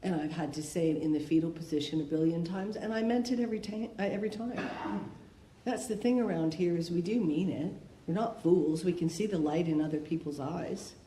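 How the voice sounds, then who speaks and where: A woman's voice: lowish voice, a little fast, dark tone. A woman speaking candidly at a recovery meeting, asking rhetorical questions in a conversational way. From Canada. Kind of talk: personal share at a recovery talk. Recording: echoey room with faint noise.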